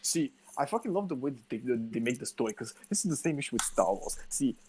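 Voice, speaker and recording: A man's voice: mid-range voice, fast talker, a little hiss or hum. A young man co-hosting a podcast in casual chat, ranting and swearing often. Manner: swears constantly, ranting and animated. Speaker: podcast co-host.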